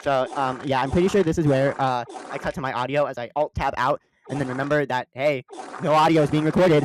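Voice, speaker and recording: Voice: medium pitch, fairly quick, background noise. A game streamer doing a let's play voice-over, reading the rookie lawyer lines in a nervous voice and joking between them.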